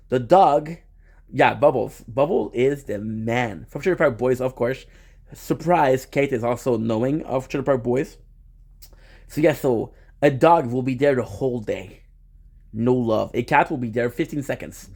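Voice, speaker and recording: A young man talks casually to his viewers in a relaxed streaming chat. He rambles with a playful tone, often restarting his sentences. His voice sits in an ordinary middle pitch. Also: a little slow.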